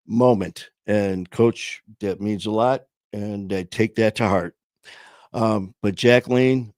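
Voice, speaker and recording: A man's voice: fairly low pitch, a little mellow, no room sound. A man hosting a sobriety support livestream, telling a story to his viewers in a casual, earnest way, rambling with frequent restarts and fillers. He speaks from a small home studio.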